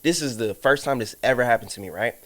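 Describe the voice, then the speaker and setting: A man's voice: medium pitch, fast. A man co-hosting a casual podcast, telling a personal story with lots of swearing and acting out what he said. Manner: animated storyteller, acts out his own lines, swears often. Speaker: podcast co-host.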